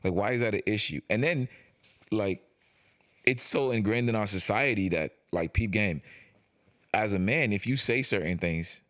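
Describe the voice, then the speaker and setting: A man co-hosting a podcast, talking in loose, slangy casual chat, animated and prone to stumbling over his first words. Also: fairly low pitch, normal speed, no echo, clean studio sound. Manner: animated, slangy, repeats words when starting a point. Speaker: podcast co-host.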